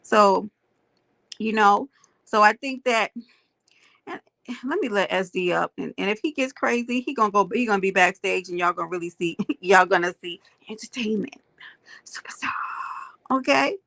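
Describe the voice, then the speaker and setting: A woman's voice: medium pitch, moderate pace, gravelly, sharp tone, no echo. A woman hosting a casual livestream, greeting viewers by name and making emphatic points to her chat. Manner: emphatic, preachy asides. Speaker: livestream host.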